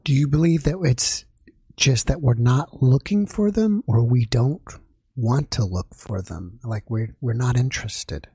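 Husky male interviewer, mid-range voice, thoughtful questions, dry sound. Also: medium pitch, expressive, a little slow, dark tone, dry recording. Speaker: podcast interviewer.

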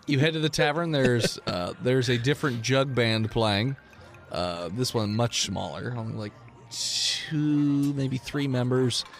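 A man's voice: medium pitch, unhurried. Laughing man running a tabletop game. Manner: laughing often, loose and playful. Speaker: game master. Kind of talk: narrating a tabletop game with comic voices.

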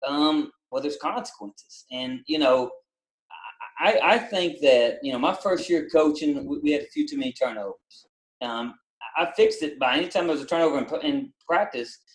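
A middle-aged man with a Southern country accent, a basketball coach and former drill instructor, talking in a casual podcast interview with many halting restarts. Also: fairly high pitch, reverberant, poor audio. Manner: halting, repeats words, many fillers.

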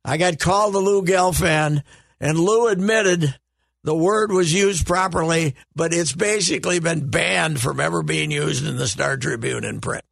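Gravelly older man, loud and animated. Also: a little high, measured pace, no echo, clean studio sound. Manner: animated storytelling, bursts into loud emphatic exclamations. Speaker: sports radio regular. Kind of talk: casual chat.

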